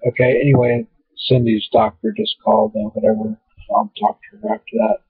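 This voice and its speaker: A man's voice: sits high, big pitch swings, brisk, creaky, slightly rough, dry recording. A man rambling through a casual webcam monologue at home, full of fillers and asides. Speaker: vlogger. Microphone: webcam mic. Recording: tinny, phone-like dry webcam audio.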